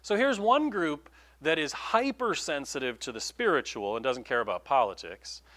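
Guy preaching a sermon, chatty and animated, voice jumps all over. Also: fairly high pitch, normal speed. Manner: animated, conversational preaching with asides. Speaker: pastor.

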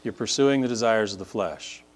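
A man preaching a sermon, moving between quiet conversational asides and loud, drawn-out emphatic peaks. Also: fairly low pitch. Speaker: pastor.

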